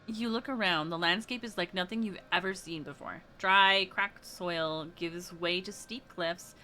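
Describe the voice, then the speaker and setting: A woman streaming a story game, reading its text aloud and reacting with gasps and quick asides. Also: lowish voice, bright, forceful tone, a little hiss or hum.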